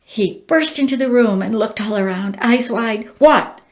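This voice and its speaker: A woman reading a storybook aloud as narrator, measured and expressive. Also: on the high side.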